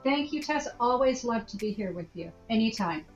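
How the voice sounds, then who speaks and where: A woman's voice: fairly high pitch, lively intonation, normal speed, roomy sound, lo-fi sound, faint music behind. A woman guest, a skincare instructor, explaining clinical topics in a casual interview, laughing often and using fillers.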